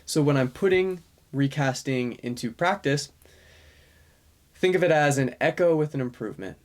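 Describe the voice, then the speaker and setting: In a course lesson for parents, a man who works as a speech-language pathologist explains a strategy calmly, with fillers and self-corrections. He speaks at a moderate pace in a slightly high voice.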